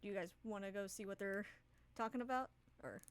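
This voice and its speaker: A woman's voice: mid-range voice, brisk, clear, resonant tone, no room sound. A woman narrating as game master in a tabletop game, casual and rambling, swearing freely.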